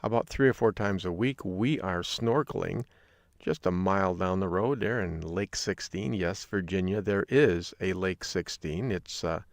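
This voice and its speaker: A man's voice: low voice, unhurried, no room sound, studio quality. A man from Michigan hosting a podcast, talking in an upbeat, jokey, folksy way. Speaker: podcast host. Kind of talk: solo podcast talk.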